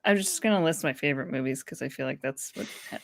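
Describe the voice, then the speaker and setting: A woman in casual chat as a guest player, relaxed, listing things off with fillers. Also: low-pitched, fast, creaky, no room sound, studio quality.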